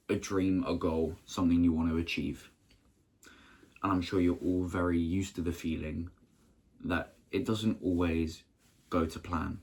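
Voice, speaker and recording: A young man talks earnestly to his viewers, very low in pitch with a husky edge. He speaks in short, halting phrases and often restarts his sentences. The delivery is casual and encouraging. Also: a little mellow. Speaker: motivational vlogger. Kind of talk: casual motivational talk to camera.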